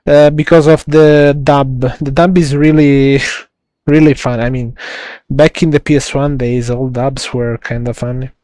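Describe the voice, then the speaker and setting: A man with an Italian accent, streaming a game live and chatting to viewers in a rambling, halting way, with many restarts and laughs. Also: medium pitch, level tone, warm tone, no room sound. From Italy.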